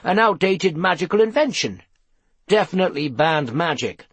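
A man voicing an excitable, curious investigator who talks eagerly. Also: high voice, creaky, slightly rough, dry recording, voice pushed up, exaggerated voice. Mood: excited. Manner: eager, brisk.

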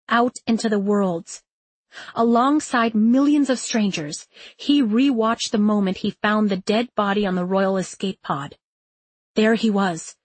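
A woman reading a novel aloud in a measured, expressive storytelling manner. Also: medium pitch, no room sound. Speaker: audiobook narrator. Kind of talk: scripted narration.

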